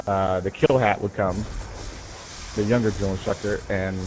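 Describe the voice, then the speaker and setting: Male gamer, low voice, casual profane storyteller, rambling, chatty. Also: fairly even intonation, normal speed, noisy background. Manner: profane, rambling, keeps asking "right?". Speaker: gamer telling stories while playing.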